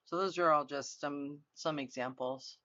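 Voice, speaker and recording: A woman's voice: low-pitched, a little slow, sharp tone, dry recording. A woman giving a university lecture in an earnest, conversational way, often restarting her phrases. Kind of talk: recorded online lecture. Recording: dry, dull lo-fi recording.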